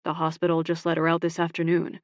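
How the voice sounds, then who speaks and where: A woman narrator voicing a blunt, possessive young man with loud, clipped delivery. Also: sits low, monotone, fast, no echo, natural voice. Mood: heated.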